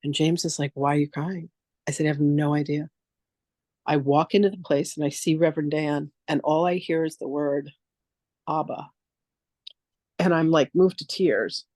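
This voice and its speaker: A woman's voice: low voice, normal speed, long pauses, no room sound. A woman teaching a spiritual masterclass, telling stories casually and frankly and acting out the voices she quotes. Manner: lively, casual storytelling that acts out quoted voices; frank, with the odd swear word. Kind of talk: storytelling masterclass talk.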